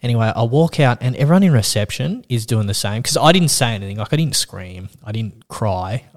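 A man spins a rambling anecdote in casual podcast chat. He swears often and slips into lively impressions of the people he quotes. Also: medium pitch, fairly quick. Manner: animated, swears freely, acts out quoted voices. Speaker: podcast host.

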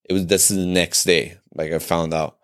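Very deep-voiced young man rambling. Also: flat delivery, moderate pace. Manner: rambling, heavy on "like" fillers and swearing. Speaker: podcast co-host. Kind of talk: casual storytelling chat.

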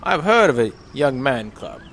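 A man voicing a menacing adult tiger in a comic improvised retelling of a jungle story, speaking low and quietly with threat. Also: very animated, normal speed, creaky, slight background noise. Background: music.

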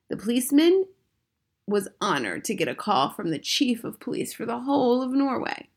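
A woman reading a children's novel aloud in a clear, steady storytelling voice. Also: medium pitch, normal speed. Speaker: audiobook reader.

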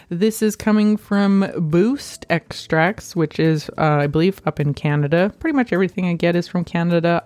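A woman hosting her own podcast in casual chat, excitable and scattered, swearing freely as she talks. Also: on the low side, no room sound. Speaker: podcast host.

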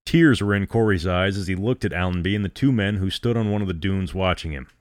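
A man reading a short story aloud in a steady, dramatic narration. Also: low voice, a little fast, dry recording, clean studio sound.

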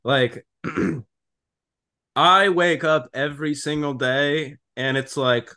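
Young male podcast co-host, high voice, fired-up and profane casual talker. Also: drawn-out words. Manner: animated, swears freely, lots of "dude" and "like".

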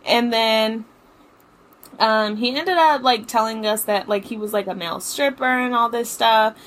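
This podcast host, a young woman, sounds a little high and fairly bright and speaks a bit slowly. She tells a story in a chatty, profane way, stuffing her speech with "like" and other fillers, over a faint hiss or hum.

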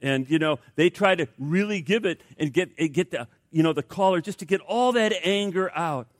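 A man preaching a sermon in a joking, conversational way, with a lot of "you know" and restarts. His voice sits a little high for a man, and the sound is close and dry. He talks like a pastor easing his congregation toward a point. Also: moderate pace, no room sound. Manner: conversational and humorous, with many fillers and restarts.

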